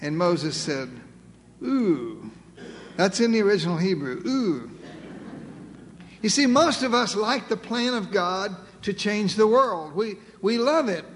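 A man's voice: high voice, long reverb tail. A man preaching a sermon in a folksy, humorous way, often asking his listeners questions.

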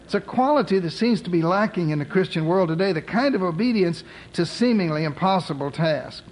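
Male preacher, high-pitched, lively storytelling sermon with jokes. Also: brisk, poor audio. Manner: storytelling with humorous modern asides.

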